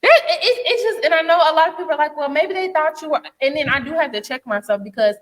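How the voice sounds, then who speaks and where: A woman's voice: sits high, quick pace, long reverb tail. A young woman, co-hosting a podcast in casual chat, blunt and profane as she rants. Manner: blunt, profane, animated ranting. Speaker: podcast co-host.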